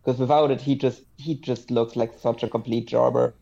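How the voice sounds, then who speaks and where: A man chatting casually as a podcast guest, rambling and sardonic, with lots of fillers. His voice is dark and mellow, and his audio comes through a little dull and lo-fi. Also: medium pitch, fairly even intonation, normal speed, gravelly.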